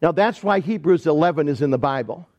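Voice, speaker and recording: A high-pitched male pastor from Michigan delivering a sermon in a church. He talks with the congregation in an animated, storytelling way. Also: a little fast. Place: church sanctuary.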